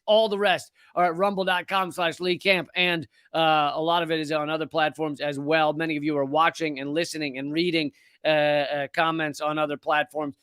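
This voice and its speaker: A man hosting a political comedy livestream, loud and animated, often shouting and slipping into sarcasm. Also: high-pitched, no echo, studio quality. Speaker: host.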